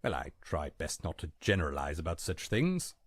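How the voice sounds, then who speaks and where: An elderly butler in a game, his low voice courteous and prim. The recording is close and dry, with lively pitch on his formal lines. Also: normal speed, husky, no echo, heavily acted. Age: 60s. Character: polite elderly English male butler.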